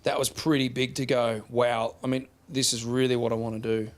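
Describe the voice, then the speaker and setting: A man's voice: mid-range voice, level tone, a little fast. A man with an Australian accent, a rock musician telling stories in a casual interview, laid-back and laughing, swearing freely.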